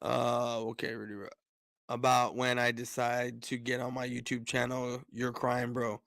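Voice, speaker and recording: A man's voice: medium pitch, monotone, moderate pace, vocal fry, a bit bright, no room sound. A man ranting on a casual sports live stream, fired up, repeating words and restarting his sentences often.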